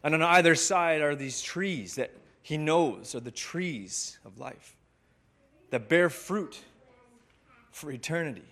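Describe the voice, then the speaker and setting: Male pastor telling a sermon story, unhurried, reflective, with long pauses. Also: on the high side, animated, fairly bright tone. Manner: slow, reflective, with dramatic pauses.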